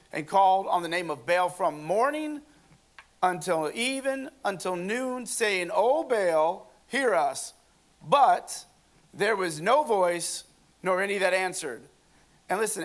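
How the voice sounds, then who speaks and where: A man preaching a sermon, reading scripture aloud with jokes and asides to the congregation. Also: sits high.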